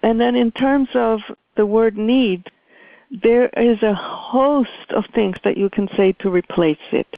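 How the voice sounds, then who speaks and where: A woman leading a communication workshop, speaking in a measured, deliberate way with many pauses. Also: on the high side, dry recording. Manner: measured, deliberate, pausing often. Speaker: workshop facilitator. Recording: dry, phone-like line.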